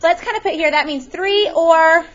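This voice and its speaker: A woman teaching a math lesson to a classroom, animated and often questioning her students. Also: extremely high pitch, normal speed, lo-fi sound.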